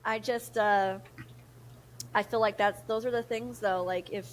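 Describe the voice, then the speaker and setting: A young woman chats as a podcast co-host, lively and emotional in how she tells her story. Her voice sits at an everyday middle pitch, with a faint hum of room noise behind her. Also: unhurried, rough recording. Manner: animated and emotional, quotes others in lively voices. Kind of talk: casual chat.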